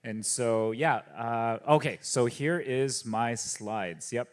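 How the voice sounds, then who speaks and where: A man opens his conference presentation with eager, casual energy and bits of slang. His pitch is an ordinary middle. He keeps his tone upbeat as he moves to his slides. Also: takes it slowly. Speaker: conference speaker. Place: conference stage.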